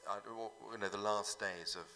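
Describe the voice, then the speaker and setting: Hesitant low-voiced panel chair, hall echo. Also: male voice, fairly even intonation, normal speed, bright, forceful tone, slight background noise. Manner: rambling, hesitant, with many fillers. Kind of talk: closing a public panel.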